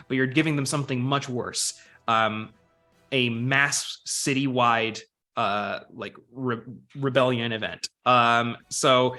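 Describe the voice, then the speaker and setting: A man's voice: mid-range voice, sharp tone. A man narrating as game master in a tabletop role-playing game, vivid and filler-heavy.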